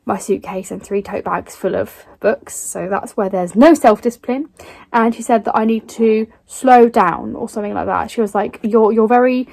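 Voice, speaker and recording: A young woman gushing excitedly about books she bought and won in a casual vlog. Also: fairly high pitch, dry recording. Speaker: book vlogger.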